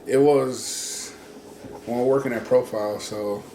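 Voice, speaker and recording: A man's voice: medium pitch, steady tone, a little slow, mellow, a little hiss or hum. A man casually telling a story to friends, swearing freely and acting out friends' lines in a raised voice. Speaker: podcast co-host. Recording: roomy echo.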